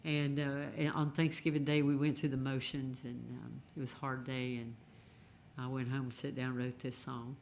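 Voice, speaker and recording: A singer-songwriter, telling a folksy, gentle story between songs at a live songwriters' round, with unhurried pauses. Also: medium pitch, level tone, a little hiss or hum.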